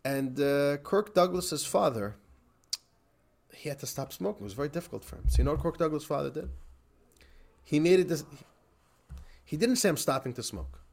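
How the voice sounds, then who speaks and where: A man, a rabbi, teaching a class in a lively, animated way, often laughing and repeating phrases for emphasis. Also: a little high, normal speed, gravelly, pauses often.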